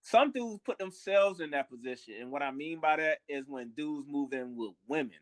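A man's voice: a little high, lively intonation, normal speed, no room sound. Blunt, cursing young man on a podcast. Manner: blunt, profane, repeats words when starting. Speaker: podcast co-host. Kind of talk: casual chat.

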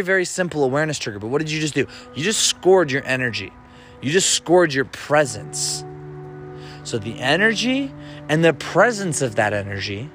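A man's voice: a little high, fairly bright tone. A man hosting a motivational self-help podcast, talking in a casual, playful coaching way. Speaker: podcast host.

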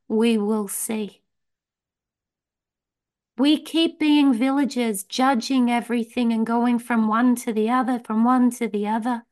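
A woman leading a recovery meeting, telling a story in a relaxed way and slowing down on key lines. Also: sits high. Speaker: meeting leader.

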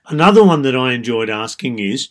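A man who works as a dating coach, giving calm, explanatory advice in a monologue with frequent "so" and "you know". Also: medium pitch, a little fast.

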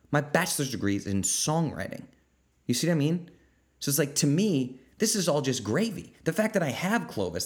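A man hosting a casual Q&A podcast from his kitchen, energetic and blunt, reading out viewer comments and swearing freely. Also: on the high side. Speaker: podcast host. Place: home kitchen.

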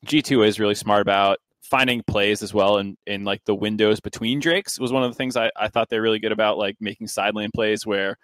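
A man on an esports panel in casual discussion, relaxed and laughing, with hesitant phrasing. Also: on the low side, brisk, hardly any pauses, dry recording. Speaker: esports analyst.

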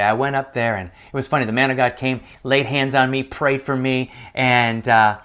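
A middle-aged man preaching a sermon, telling a personal story and moving between lively retelling and hushed, quiet moments. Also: medium pitch, normal speed, few pauses, clear, resonant tone. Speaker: pastor.

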